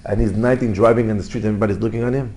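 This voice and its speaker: A rabbi giving an informal Torah lesson, telling stories in lively, non-native English. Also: male voice, on the low side, very fast, slight background noise, poor audio. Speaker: rabbi teaching a class.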